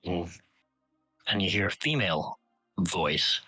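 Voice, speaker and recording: Low-voiced, forceful game master. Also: male voice, measured pace, pauses often, breathy edge, dry recording, soft background music, low-quality recording. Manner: relaxed, filler-heavy, improvising. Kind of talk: casual tabletop game narration.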